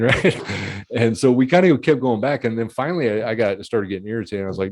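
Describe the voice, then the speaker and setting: A man hosting a conversation, telling his own story in a candid, chatty way, with laughs and throat-clearing. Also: on the low side, a little fast, dry recording. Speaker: podcast host.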